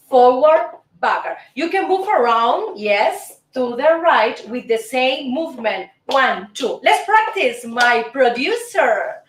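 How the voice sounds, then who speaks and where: A woman's voice: high-pitched, a little hiss or hum. Woman counting dance steps. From Cuba. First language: Spanish. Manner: counts steps aloud, encouraging, repeats herself, bursts of shouting. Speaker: host and dance teacher. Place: indoor room. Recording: roomy distant recording with music. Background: dance music.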